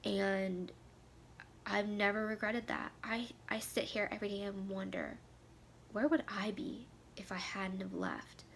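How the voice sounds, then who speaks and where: Woman in her thirties, tearful, heartfelt personal talk; gravelly, fry-edged voice at a middle pitch, soft hiss behind. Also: fairly even intonation, measured pace. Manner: emotional, heartfelt, voice dropping to a near whisper at times. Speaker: vlogger. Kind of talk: candid personal talk to camera.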